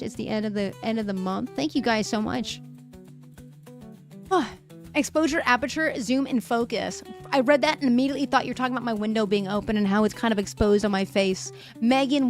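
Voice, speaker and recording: A young woman hosting a live stream, chatting casually and reading viewer messages aloud with frequent laughs, her voice a little worn. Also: on the high side. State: voice a bit fried. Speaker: livestream host. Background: faint music.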